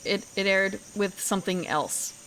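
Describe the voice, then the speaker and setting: A woman's voice: mid-range voice, a little slow, fairly bright tone, slight background noise. A woman streamer chatting casually while she plays, rambling and correcting herself as she goes. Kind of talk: casual gaming commentary.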